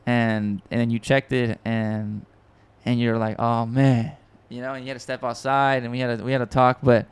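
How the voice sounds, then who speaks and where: A man hosting a podcast, telling a story in a casual, excitable and rambling way with frequent swearing and restarts. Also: medium pitch, moderate pace, clear, resonant tone. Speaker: podcast host and music producer.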